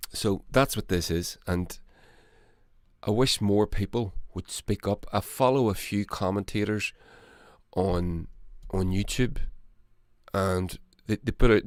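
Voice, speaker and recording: A man's voice: on the low side, no echo, clean studio sound. A man hosting his own casual political commentary, blunt and rambling, swearing and restarting his sentences.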